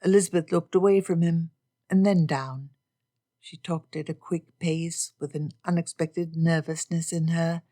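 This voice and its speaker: A woman reads a romance novel aloud with steady, expressive narration. Her voice sits on the lower side for a woman. The delivery is even and attentive to the story. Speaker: audiobook narrator. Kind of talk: scripted narration.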